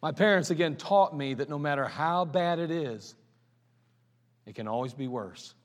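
High-voiced preacher in a reverberant church. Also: male voice, normal speed. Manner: folksy storytelling, swings from loud to quiet. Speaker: pastor. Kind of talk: sermon. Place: church sanctuary. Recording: long hall reverb in a church.

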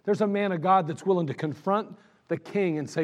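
Male pastor, high pitched, fervent sermon delivery with big dynamic swings. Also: a little fast. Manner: emphatic, swings from loud exhortation to low intimate talk.

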